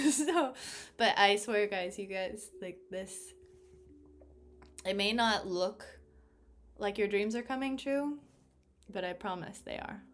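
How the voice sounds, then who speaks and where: A woman's voice: medium pitch, a little hiss or hum. A woman giving a casual tarot reading, bubbly and effusive, laughing often. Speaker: tarot reader.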